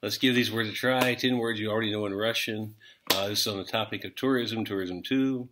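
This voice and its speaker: A man's voice: lowish voice, steady tone, a little fast, fairly bright tone, a little hiss or hum. A middle-aged American man giving a casual, rambling language lesson with jokes and many fillers. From United States. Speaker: language teacher.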